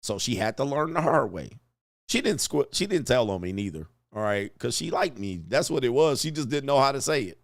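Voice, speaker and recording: A man telling a rambling high school story in casual commentary, swearing, laughing often and acting out what people said. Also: brisk, creaky, no room sound, studio quality. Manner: animated, profane, laughs often, acts out quotes. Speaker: commentary streamer.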